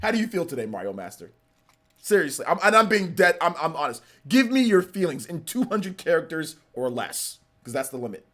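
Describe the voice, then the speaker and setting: Bright, lively male streamer. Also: on the high side, brisk. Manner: playful mock-angry teasing of chat. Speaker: livestream host. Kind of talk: casual livestream chat.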